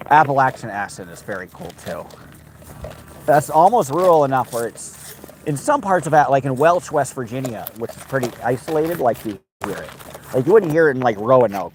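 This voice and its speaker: A man's voice: medium pitch, lively intonation, fairly quick, a little mellow, a little hiss or hum, poor audio. Chatty man rambling outdoors by a river. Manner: chatty, rambling, talks to his dog in a sing-song. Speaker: livestream host. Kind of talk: casual rambling live chat.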